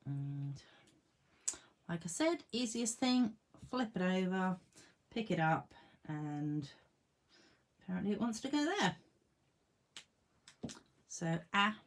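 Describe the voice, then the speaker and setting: Lady doing a crafting tutorial at her desk, unhurried, voice swoops up and down, chatty and self-amused. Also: lowish voice, animated. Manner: chatty, talks to herself and her tools; laughs at her own jokes. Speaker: card-making demonstrator. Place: home craft room at a desk.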